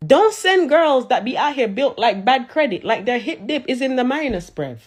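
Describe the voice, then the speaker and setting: Fairly high-voiced woman, sassy, mocking roast rant. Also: a little mellow. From Jamaica. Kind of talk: social media rant.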